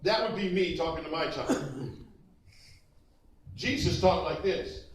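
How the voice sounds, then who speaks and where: A man preaching a sermon in a dramatic style, acting out quotes and rising to shouts, in a large church hall. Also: on the high side, moderate pace. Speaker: pastor. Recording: very echoey, distant from the mic.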